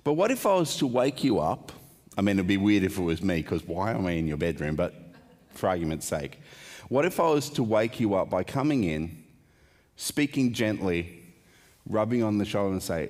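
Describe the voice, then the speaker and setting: A man's voice: lowish voice, big pitch swings, moderate pace, a little mellow. A man preaching a sermon in a conversational way, putting questions to the congregation and adding wry asides. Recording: long hall reverb.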